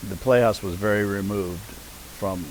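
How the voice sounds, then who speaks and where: A man's voice: lowish voice, normal speed, a little hiss or hum, rough recording. An older man, an interview guest and veteran community theater actor, reminiscing in conversation and perking up when he quotes people. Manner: anecdotal, animated when quoting people.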